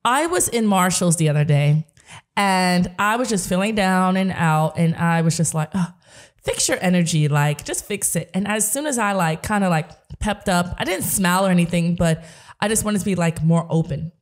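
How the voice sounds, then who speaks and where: A woman's voice: on the low side, moderate pace. A woman hosting a podcast, telling stories in a chatty way with lots of "like" fillers. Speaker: podcast host. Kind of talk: casual podcast chat.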